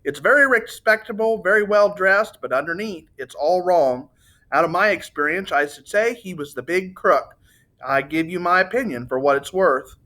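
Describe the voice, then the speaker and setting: A man's voice: high voice, normal speed, pushed and bright, pitched above the performer's own voice. A man voicing a voluble, boastful Italian car salesman who talks on and on. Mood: gushing. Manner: gushing, eager, talks on and on.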